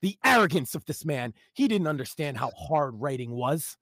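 A man's voice: fairly high pitch, big pitch swings, normal speed, a bit bright, no echo. A man reading his own short story aloud live on a stream, in a dramatic, wry storytelling manner.

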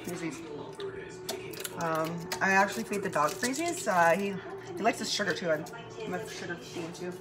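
Woman vlogger, tired, casual and foul-mouthed, rambling at home with loud music behind. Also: fairly low pitch, moderate pace, long pauses. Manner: chatty, profane, meandering, often laughing. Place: her bedroom at home. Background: music playing.

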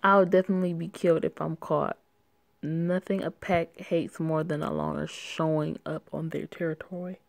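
A woman's voice: sits low, steady tone, normal speed, vocal fry, no room sound. A young woman reading a werewolf story aloud, breaking off for sassy, laughing asides and swearing. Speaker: story reader.

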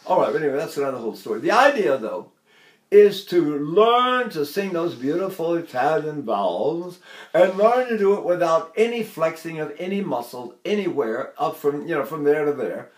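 Older guy from texas teaching voice, chatty, kinda high voice, echoey room. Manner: lively, chatty teaching with quick asides and chuckles. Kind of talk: vocal technique lesson with spoken demonstrations. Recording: roomy echo.

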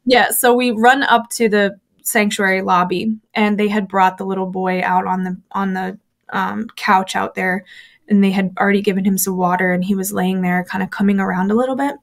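A woman's voice: mid-range voice, steady tone, moderate pace, creaky. A woman being interviewed, telling a personal story candidly with lots of fillers, acting out the voices of people she quotes. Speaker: interview guest, former church member.

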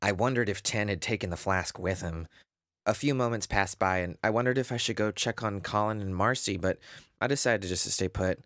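A man narrating a first-person horror audiobook in an expressive, dramatic way. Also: fairly low pitch, fairly quick, dry recording, clean studio sound.

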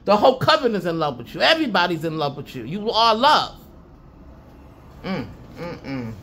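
A woman's voice: fairly low pitch, big pitch swings, moderate pace, fairly bright tone. A woman giving a casual spiritual reading to her viewers, talking emphatically with plenty of swearing, repeating herself and chuckling often. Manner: profane, emphatic, repeats "I'm telling you". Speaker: intuitive reader.

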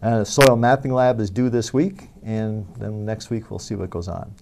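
A man's voice: fairly low pitch, fairly even intonation, moderate pace, vocal fry, darkish tone. A middle-aged man, a university professor, delivering a recorded class lecture from a campus studio with plain, businesslike announcements and dry jokes.

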